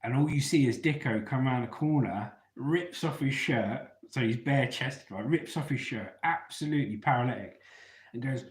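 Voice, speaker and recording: A man's voice: mid-range voice, moderate pace, echoey room. A man who once served in the army, chatting casually on a live stream and often calling his listeners mate. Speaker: ex-soldier live-stream host. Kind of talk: casual live-chat storytelling.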